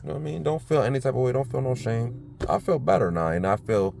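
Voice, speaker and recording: A man talking to his phone camera in an outdoor park by the water, in a relaxed, rambling vlog full of fillers. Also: medium pitch, fast, gravelly, slight background noise. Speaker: vlogger.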